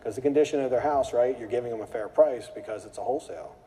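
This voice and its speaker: A man hosting a live meetup and talking casually to the group, who tells animated stories and acts out angry callers. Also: mid-range voice, fast. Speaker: meetup host. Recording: long hall reverb.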